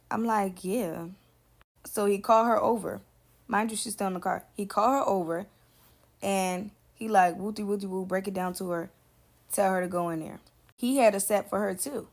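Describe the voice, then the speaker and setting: A woman's voice: mid-range voice, moderate pace, gravelly. Young woman doing a storytime vlog, sassy and cussing a lot, acts out everybody's lines. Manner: animated, profane, sassy, acts out quotes.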